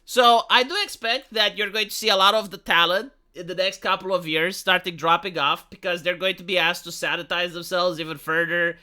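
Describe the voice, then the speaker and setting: A man's voice: high-pitched, steady tone, brisk, hardly any pauses, pushed and bright. A man giving heated opinion commentary, emphatic and swearing freely.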